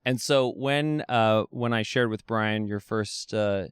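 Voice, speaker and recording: A man hosting a podcast, telling stories in a lively, chatty way and laughing often. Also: on the low side, slow, clear, resonant tone, no room sound. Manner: animated storyteller, laughs often. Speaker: podcast host. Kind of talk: casual conversation.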